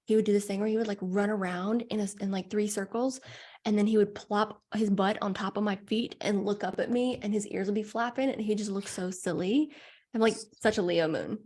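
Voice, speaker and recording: A woman's voice: medium pitch, fairly quick, a little mellow. A woman astrologer who is a guest on a podcast, chatting casually. She says "like" often and laughs easily.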